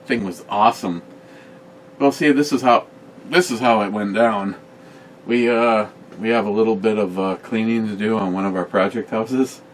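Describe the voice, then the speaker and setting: Low-voiced man co-host, crude and jokey, casual home chat, slight noise. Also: moderate pace, far from the mic. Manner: crude joking, animated storytelling. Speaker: co-host of a beer review channel. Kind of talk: casual banter.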